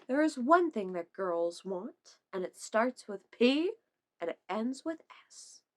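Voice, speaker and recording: Speaking slowly in a very animated, rather high voice, a young woman vlogs casually while reacting to memes. She laughs often, swears, and slips into playful silly voices as she chats.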